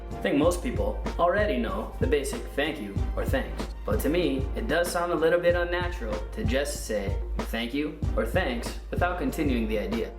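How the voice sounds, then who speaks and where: A man gives an upbeat video lesson on English, speaking clearly and prompting listeners to repeat. He sounds set back from the mic in a roomy space, with music clearly audible underneath. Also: medium pitch, expressive, moderate pace, recorded from a distance. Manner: clear, upbeat teaching delivery with practice prompts. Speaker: online English teacher.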